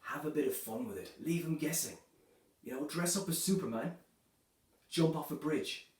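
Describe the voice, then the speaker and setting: A man performing a stand-up comedy set, delivering dark jokes in a loose, chatty way, filling his lines with "you know" and "right". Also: a little high, moderate pace. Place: comedy club stage. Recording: echoey room, voice from a distance.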